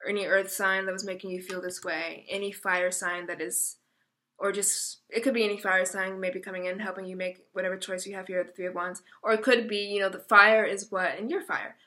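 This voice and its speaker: Young woman tarot reader, bright, crisp tone, casual and chatty, emotional, stops herself mid-sentence. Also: medium pitch, level tone, fairly quick. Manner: chatty, self-interrupting, emotional. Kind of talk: casual tarot reading video.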